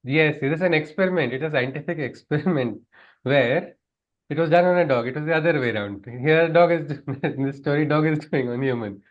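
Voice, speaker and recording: A man's voice: a little high, a little fast, muffled recording. A man teaching a class on scripture, in a conversational way, often putting questions to his listeners and chuckling. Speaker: spiritual teacher. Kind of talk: lecture on scripture.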